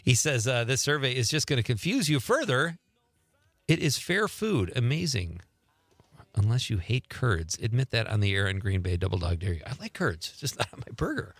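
A man hosting a radio talk show, chatty and quick to laugh, on a studio mic. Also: medium pitch, very animated, a bit bright, no room sound. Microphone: studio microphone.

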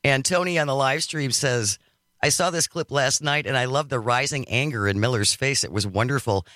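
A man's voice: medium pitch, moderate pace, dry recording, studio quality. A man hosting a political talk radio show, chatting casually and sarcastically with his co-host and reading listener messages. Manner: sarcastic, lively delivery.

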